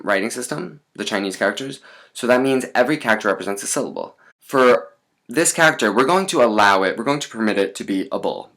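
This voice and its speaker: A man teaching a lesson in a relaxed, chatty way, with many fillers and asides. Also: fairly low pitch.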